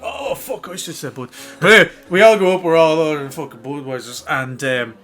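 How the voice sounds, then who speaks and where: A young Irish man from Dublin, co-hosting a podcast and telling a sweary, animated story in casual chat. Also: on the high side, fast, soft background music. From Ireland. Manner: sweary, animated anecdote teller. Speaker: podcast co-host.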